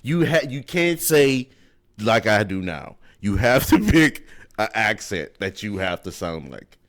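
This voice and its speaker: A young man co-hosts a relaxed podcast, with a voice that swings up and down as he jokes. He teases, laughs easily and swears without a second thought. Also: on the low side, measured pace. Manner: teasing, laughs often, swears freely. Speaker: podcast co-host. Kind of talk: casual chat.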